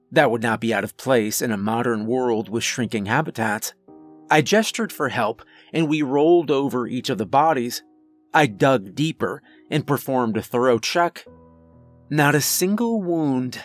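A man narrating a first-person horror story in a measured, grave, deliberate manner. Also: mid-range voice, expressive. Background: faint music.

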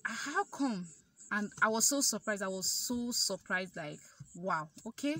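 At a normal speed and medium pitch, this young Nigerian vlogger recounts a personal story casually to the camera. Her Nigerian accent comes through as she chats, fills gaps with many fillers, and brings quoted dialogue to life.

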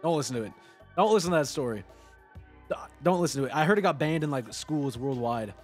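A male streamer talks loosely through his game, his fairly high voice swinging all over the place. He laughs, curses and yelps whenever something surprises him, with faint music playing underneath. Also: fast. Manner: excitable, laughing, swearing, sudden high yelps. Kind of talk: casual gaming livestream chatter.

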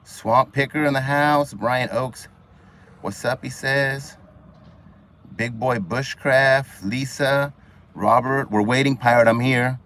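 A man's voice: mid-range voice, slow pace, a bit bright. Man from California, livestream host, upbeat and chatty, greets fans one by one, outdoor phone-mic sound, mid-range voice. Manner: upbeat, greets viewers by name one after another. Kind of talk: casual live stream chat reading viewer comments. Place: outdoors at a marina at sunset.

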